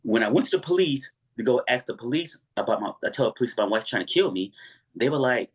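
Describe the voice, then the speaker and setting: Male interview guest, husky, animated storyteller with a lively pitch. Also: fast talker. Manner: animated, acts out every voice in his story.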